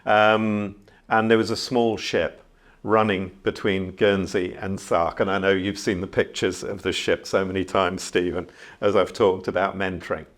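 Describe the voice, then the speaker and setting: A middle-aged man from the Channel Islands, a ship captain, telling stories of his early years at sea in a reflective, unhurried way with many fillers. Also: deep voice, little pitch movement. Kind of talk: conversational storytelling.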